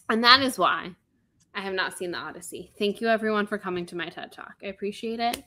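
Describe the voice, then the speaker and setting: A woman's voice: medium pitch, quick pace, sharp tone. A woman in her thirties co-hosting a podcast, delivering a comedic, exasperated rant full of sarcasm and swearing. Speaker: podcast co-host.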